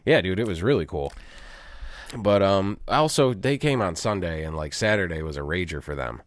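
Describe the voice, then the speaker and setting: A man with a low voice tells casual, profane stories in a laid-back way and laughs often. The sound is dry and close, with no room behind it. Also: expressive, normal speed, dry recording. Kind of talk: casual chat.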